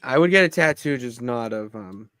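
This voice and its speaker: A young man co-hosting a wrestling podcast, relaxed, mostly chiming in with short replies. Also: mid-range voice, moderate pace, clear, resonant tone, dry recording, studio quality, faint music behind. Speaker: podcast co-host. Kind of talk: casual chat.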